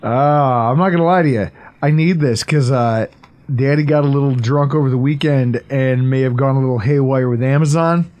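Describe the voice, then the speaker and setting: A man in his thirties hosting a casual sports podcast, excitable and swearing freely, often laughing. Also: medium pitch. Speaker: podcast host.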